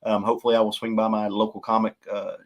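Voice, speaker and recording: A man co-hosting a podcast in casual chat, relaxed and hesitant, with many fillers. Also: fairly low pitch, fast talker. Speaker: podcast co-host.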